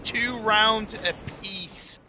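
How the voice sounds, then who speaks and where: A high-pitched man calls a mobile shooter tournament live, stumbling over his words and jumping into jokes. Game noise and gunfire run clearly beneath him. His energy spikes whenever the action heats up. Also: steady tone, drawn-out words. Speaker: esports caster. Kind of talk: live play-by-play commentary. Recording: noisy game audio underneath.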